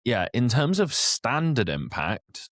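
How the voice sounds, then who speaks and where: A man's voice: medium pitch, very animated, slow pace, a bit bright, no echo, clean studio sound. A man co-hosting a casual podcast, talking in an opinionated, conversational way. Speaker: podcast co-host.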